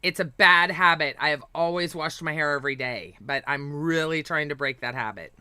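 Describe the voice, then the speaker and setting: A woman co-hosting a livestream in casual chat, a little tipsy from an edible, profane and rambling, and she sometimes flares into shouting. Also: low voice, fairly quick, clear, resonant tone, dry recording, clean studio sound. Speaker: livestream co-host.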